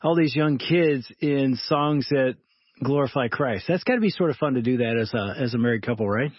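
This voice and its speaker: A man's voice: mid-range voice, brisk, breathy edge, dry recording. A man hosting a radio talk show, chatting casually and teasing his co-host with a setup question. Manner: casual, teasing, uses many "like" fillers. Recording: dull lo-fi radio studio sound.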